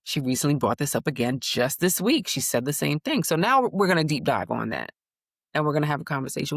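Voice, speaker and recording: A woman's voice: deep voice, very animated, a little fast, gravelly, slightly rough, dry recording, clean studio sound. A woman in her thirties, born in the United States, telling family stories as a guest and acting out her children's voices. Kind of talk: conversational interview.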